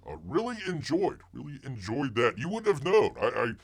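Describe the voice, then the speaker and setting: Male live-stream host, casual chat, very lively up-and-down delivery, third-person self-talk, stammering restarts. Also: mid-range voice. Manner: refers to himself in the third person, halting with many restarts.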